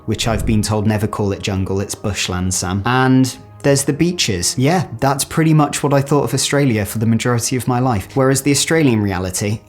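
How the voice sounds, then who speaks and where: A man's voice: mid-range voice, a little mellow. A young British man, an actor and vlogger, narrating in a chatty, self-mocking way and stretching out the words he wants to stress. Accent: British English. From Britain. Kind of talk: scripted vlog narration.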